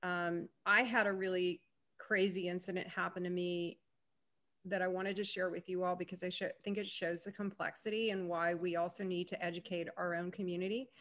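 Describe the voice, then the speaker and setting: A woman speaking as a panelist over a video call, telling a personal story in an animated way and acting out the dialogue, with some ums. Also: lowish voice, brisk.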